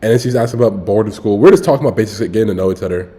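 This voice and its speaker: A man's voice: lowish voice, racing, warm tone. A young man streaming, telling a story in a loose, slangy way with lots of swearing. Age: young adult. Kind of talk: casual storytelling livestream.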